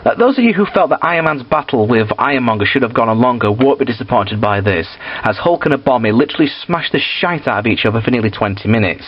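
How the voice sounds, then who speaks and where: A man's voice: mid-range voice, expressive, quick pace, hardly any pauses, slightly rough, muffled recording. A man reviewing films in a casual, blunt and sweary way, with frequent fillers. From United Kingdom. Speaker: film reviewer.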